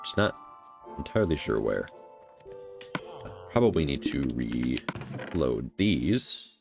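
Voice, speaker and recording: A man's voice: rumbling low, very animated, takes it slowly, gravelly, over music. A man casually commenting on his building game for his own channel, rambling with many fillers and restarts. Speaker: gaming channel host.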